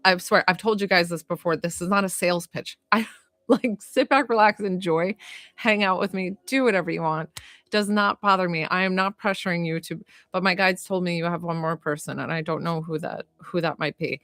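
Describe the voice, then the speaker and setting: A woman's voice: on the low side, steady tone, brisk, a bit bright, no echo, clean studio sound. A young woman from Georgia, chatting on a phone livestream as a psychic medium, gushing and reassuring and rambling with fillers. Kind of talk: casual livestream chat and reading.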